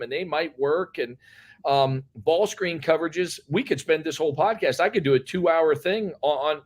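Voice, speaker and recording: A man, a head basketball coach, telling stories in a casual, rambling interview. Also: on the high side. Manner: rambling, animated storyteller.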